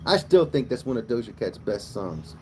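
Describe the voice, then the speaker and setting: A man's voice: mid-range voice, big pitch swings, normal speed, mellow, a little hiss or hum, poor audio. A man hosting a casual livestream outdoors by a cow pasture, rambling crudely and swearing a lot. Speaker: livestream host.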